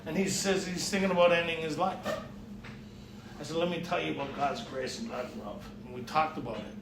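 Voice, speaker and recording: High-voiced man telling his story. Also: fairly even intonation, fairly quick, noisy background. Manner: storytelling, acts out dialogue, laughs often. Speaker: recovery retreat speaker. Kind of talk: personal testimony talk. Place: retreat meeting room. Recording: echoey room, mic far off.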